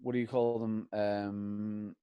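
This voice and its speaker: A young man bantering on a podcast with jokey, deadpan humour. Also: on the low side, slow, smooth, dry recording, lo-fi sound. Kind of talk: casual chat.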